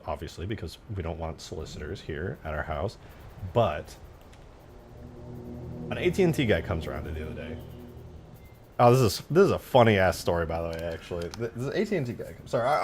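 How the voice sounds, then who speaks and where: Lively low-voiced young man streaming. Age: 20s. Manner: rambling, profane storytelling with slang. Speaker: modding live-streamer. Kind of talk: casual live-stream chat.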